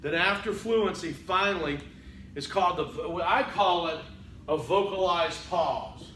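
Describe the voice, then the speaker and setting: A man teaching a public speaking class in a conversational lecture, often saying "okay" and acting out halting speech full of fillers. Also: sits high, animated, a bit bright, echoey room, a little hiss or hum, low-quality recording. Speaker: college public speaking instructor. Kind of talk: recorded lecture.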